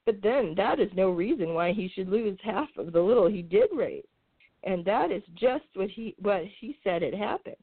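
Woman reading a storybook aloud, lively. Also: medium pitch, normal speed, husky, no room sound. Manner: expressive, lilting reading. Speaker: podcast host reading aloud. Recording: tinny phone-like sound.

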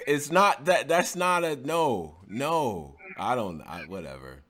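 A man in casual chat, emphatic and joking as he argues. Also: medium pitch. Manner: animated, emphatic, quick to argue and joke.

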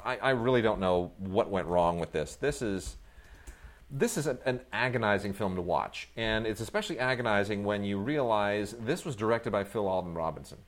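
A middle-aged man reviewing films in casual chat, rambling with many fillers and restarts, breaking into animated outbursts. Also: fairly low pitch, moderate pace. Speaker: film reviewer, co-host.

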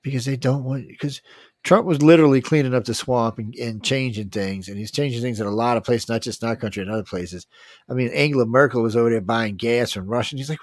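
A man's voice: medium pitch, quick pace, no room sound, clean studio sound. A man hosting a casual news talk, reading headlines and rambling bluntly with swearing and trailing-off sentences.

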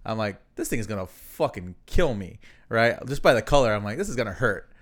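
A man's voice: fairly low pitch, sing-song, a little fast. A man co-hosting a podcast, telling a rambling story in casual chat with plenty of fillers and swearing. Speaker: podcast co-host.

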